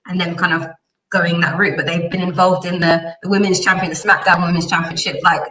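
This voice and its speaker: Panelist: blunt woman, bright edgy tone, sits back from the mic in a roomy space. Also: fairly low pitch, fairly even intonation, a little fast, distant mic. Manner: blunt, outspoken. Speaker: podcast panelist. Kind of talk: casual chat.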